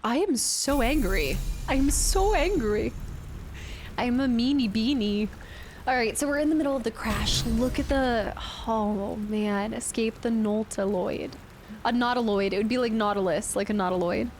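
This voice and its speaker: A playful woman streamer chats casually over her game, thinking aloud and responding to viewers. Her voice sits a bit high, and a faint hiss stays in the background. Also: steady tone, moderate pace, darkish tone. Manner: chatty and playful, thinking aloud, reading chat and thanking viewers. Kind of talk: casual gameplay commentary.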